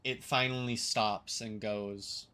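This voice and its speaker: Male game master, casual narration, bright voice. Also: fairly low pitch, fairly even intonation, clean tone. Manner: casual, halting narration with fillers.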